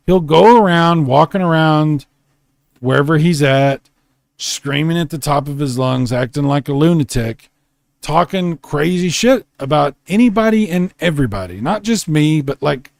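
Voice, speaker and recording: A man's voice: fairly high pitch, vocal fry, darkish tone, dry recording, clean studio sound. A man hosting a casual late-night stream, drunk, rambling and swearing as he reads chat aloud from home. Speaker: streamer host. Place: home room.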